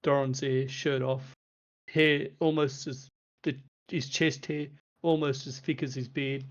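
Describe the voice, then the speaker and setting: A man narrating as game master in a relaxed, descriptive way. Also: mid-range voice, measured pace, dull audio.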